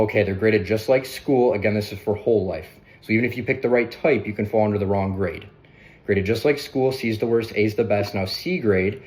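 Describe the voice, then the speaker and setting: Fast-talking male sales coach. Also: fairly low pitch. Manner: brisk, conversational, often tags on "right?". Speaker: sales trainer.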